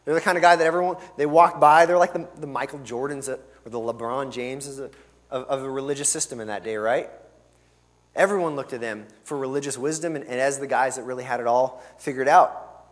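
A man preaching a sermon as pastor, earnest and emphatic, pushing hard on key words and then dropping to a soft, low finish. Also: brisk. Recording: long reverb of a large hall.

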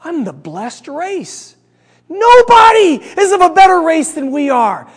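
A man's voice: very high voice, big pitch swings, unhurried, fairly bright tone, in a large hall, heavily acted. A man voicing an indignant, entitled man with leprosy who pleads in a raised, self-righteous voice.

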